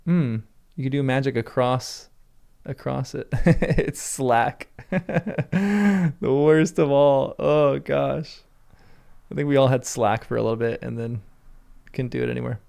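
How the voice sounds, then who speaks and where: A man's voice: mid-range voice, takes it slowly, creaky, pauses often, darkish tone. A man hosting a livestream, chatting casually and answering viewers' comments, laughing often. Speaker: livestream host.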